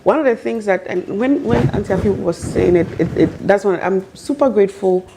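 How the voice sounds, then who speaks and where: A woman on a webinar panel, telling stories about her business in a lively way and laughing often. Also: medium pitch, fairly quick, noisy background. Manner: animated storyteller, laughs often. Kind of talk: casual panel discussion.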